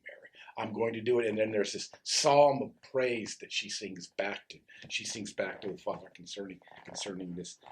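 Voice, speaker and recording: A male pastor preaching a conversational sermon at a middle pitch. His voice leaps up and down with lively swings. He talks with animation and keeps asking the listeners rhetorical questions.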